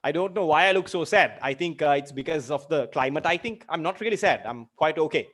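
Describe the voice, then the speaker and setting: Sri man, literature lesson, high voice, repeats his examples, asks the class questions. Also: expressive, brisk, fairly bright tone. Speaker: English literature teacher. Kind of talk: online lecture.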